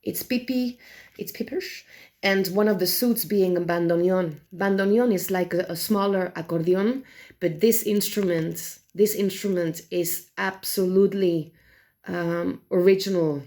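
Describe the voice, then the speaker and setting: A woman with a lowish voice and a gravelly, fry-laced edge chats casually about tarot decks. She sounds animated and exasperated, swears freely, and stumbles through many fillers and restarts. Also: a little slow. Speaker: tarot deck reviewer. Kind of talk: casual chat.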